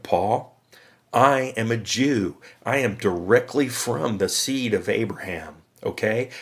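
A man voicing an indignant, skeptical Jewish Christian man who challenges in incredulous, rising questions. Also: fairly low pitch.

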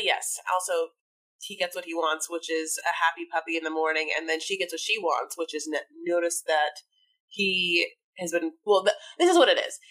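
A woman's voice: fairly low pitch, a bit bright. A woman co-hosting a casual podcast, rambling through a reality show recap with many fillers. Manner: rambling, lots of "like" fillers, easygoing. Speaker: podcast co-host.

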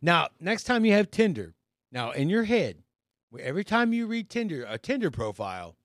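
A man who is a guest on a comedy podcast, telling stories in animated, casual chat and quoting others. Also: high-pitched, moderate pace, no room sound, clean studio sound. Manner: animated storytelling with quoted voices.

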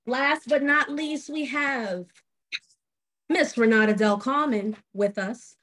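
Upbeat woman host, a bit breathy. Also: sits high, slow, a bit bright. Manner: teasing, upbeat introductions. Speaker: podcast host. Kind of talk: casual hosting chat.

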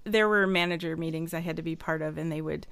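A woman's voice: deep voice, steady tone, fast talker, creaky, a bit bright, clear, resonant tone, dry recording. Chatty laughing woman host. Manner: chatty, laughs easily, thinks aloud. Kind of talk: casual chat.

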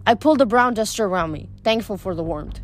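A woman's voice: medium pitch, animated, quick pace. A woman reading a novel aloud in a plain voice, with small stumbles and self-corrections. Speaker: audiobook reader.

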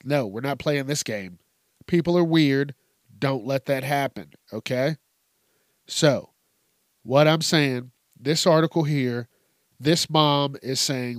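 Guy ranting about weird news, cusses a lot, slow unhurried talk, dry close sound. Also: medium pitch, dry recording. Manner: animated storytelling with heavy cursing and laughter. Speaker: host. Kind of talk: casual profane news commentary.

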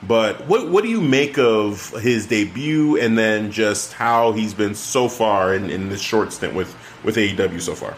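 A man co-hosting a casual chat, talking with excited, rambling enthusiasm and frequent restarts. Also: lowish voice, measured pace, hardly any pauses, slight background noise. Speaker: podcast co-host.

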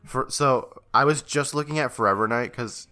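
A man co-hosting a podcast, reacting in an animated, wry way and swearing casually. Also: medium pitch, normal speed, faint music behind. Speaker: podcast co-host. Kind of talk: casual chat.

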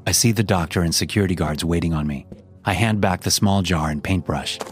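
A man narrating a first-person horror story in a tense, measured way. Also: sits low, soft background music.

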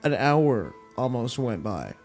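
A man's voice: mid-range voice, slow, faint music behind. A young man hosting a podcast who tells stories in a loose, profanity-heavy rant and acts out the people he quotes. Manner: profane, animated retelling with acted-out quotes. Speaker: podcast host. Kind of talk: casual storytelling rant.

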